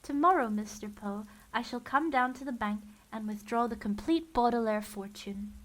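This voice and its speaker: A woman's voice: a little high, moderate pace, fairly bright tone, close to an everyday voice. A woman voicing a scheming villainous male count in a storybook reading, menacing and smug.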